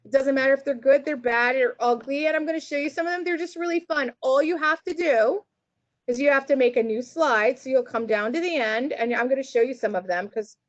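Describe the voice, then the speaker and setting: A woman's voice: high voice, a little fast, muffled recording. A woman leading a casual online teacher workshop, chatty and upbeat, often tagging her points with "right?". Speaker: teacher trainer.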